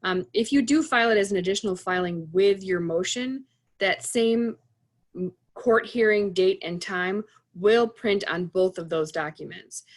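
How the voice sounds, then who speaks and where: A woman from court staff answering webinar questions with calm, step-by-step explanations of procedure. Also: medium pitch, measured pace.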